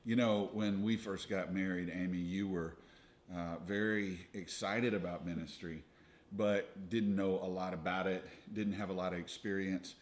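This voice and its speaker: A young man co-hosting a ministry video with his wife, giving steady, earnest advice in a casual, preacher-like way. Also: deep voice, normal speed. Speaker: ministry leader, co-host with wife.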